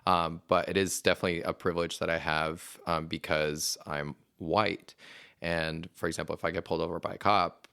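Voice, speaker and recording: Low gravelly man from Venezuela, chatty. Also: flat delivery, moderate pace, pushed and bright, no room sound, clean studio sound. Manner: chatty, rambling storyteller with many fillers. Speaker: actor and podcast guest. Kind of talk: casual interview conversation.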